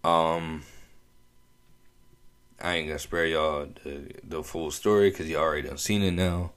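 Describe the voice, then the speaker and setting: A young man talks through a story on his own show in loose, slangy, casual speech. His voice sits very low and he takes his time, drawing the words out slowly. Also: steady tone, a bit bright. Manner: laid-back slangy storytelling, laughs often. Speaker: podcast host. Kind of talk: casual opinion monologue.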